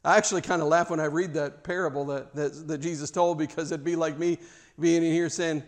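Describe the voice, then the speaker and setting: A man preaching a sermon; he is animated, often stammers and restarts, and acts out the scenes he tells. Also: fairly high pitch, a little fast. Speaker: pastor.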